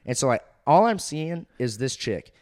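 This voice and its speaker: A man's voice: mid-range voice, sing-song, moderate pace, darkish tone. Laid-back young man telling a story. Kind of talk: casual chat.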